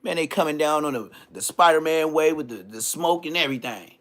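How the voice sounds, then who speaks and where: Animated man ranting on a livestream. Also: a little high, brisk. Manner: animated, stammering restarts, frequent throat clearing. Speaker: livestream host. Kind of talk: casual comedic livestream rant.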